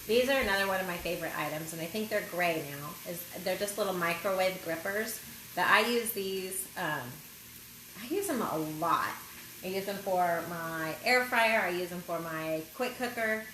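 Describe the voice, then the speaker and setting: A woman's voice: lowish voice, moderate pace. Chatty woman cooking in an echoey kitchen. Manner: chatty, rambling, self-deprecating. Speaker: cooking show host. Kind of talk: casual live cooking demonstration. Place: home kitchen. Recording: echoey kitchen, loud frying noise. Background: sizzling pan and kitchen clatter.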